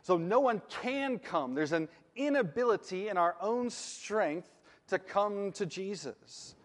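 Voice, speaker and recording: A male pastor delivers a sermon in an earnest, emphatic way, slowing down to press home key phrases. His voice sits fairly high for a man. A long reverb hangs behind him, as in a church sanctuary. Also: lively intonation.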